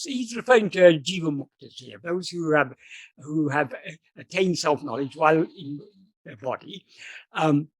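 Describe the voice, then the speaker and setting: A man's voice: on the high side, darkish tone, no echo. Methodical male teacher on a video call. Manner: careful, methodical, rephrases points for clarity. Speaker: spiritual teacher answering questions. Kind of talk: explanatory talk on scripture.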